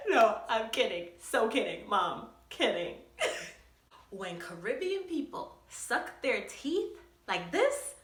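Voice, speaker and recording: A young woman vlogger telling a casual story, animated, laughing often and acting out quotes. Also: fairly high pitch, very slow, long pauses, echoey room.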